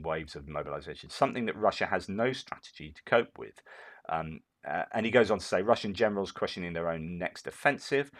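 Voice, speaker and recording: A man hosting a war update, reading out reports and breaking off into opinionated asides, with many fillers and restarts. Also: deep voice. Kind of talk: reading and commenting on news.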